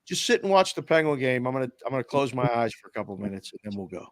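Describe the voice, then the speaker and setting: Sarcastic wife, put on by a man, dismissive, firm, a touch higher voice. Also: racing, no echo, close to an everyday voice. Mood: insistent. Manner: flat, dismissive.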